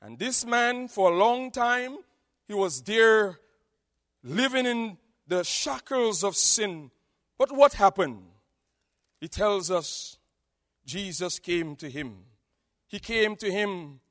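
A man preaching an evangelistic sermon with a Nevisian Caribbean accent, swinging between hushed tones and shouting. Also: high voice, lively intonation, slow pace, long pauses. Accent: Nevisian Caribbean English. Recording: long reverb of a large hall.

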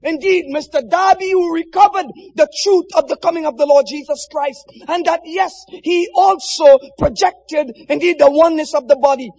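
A man preaching a sermon with passion, swinging from shouted lines to hushed, quiet ones. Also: very high voice, normal speed, hardly any pauses, big-room sound, low-quality recording. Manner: impassioned, swinging from shouts to near-whispers.

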